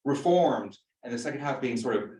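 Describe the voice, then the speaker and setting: A pastor leads an adult church class in an informal lecture, joking, chatting, and quizzing his audience. His mid-range voice is expressive, brisk, and warm. The mic sits at a distance in a roomy space.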